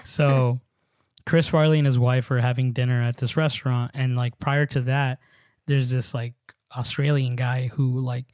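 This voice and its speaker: A man's voice: medium pitch, little pitch movement, normal speed, a little mellow, no room sound, clean studio sound. A young man co-hosting a casual podcast chat, rambling with lots of fillers and swearing. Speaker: podcast co-host.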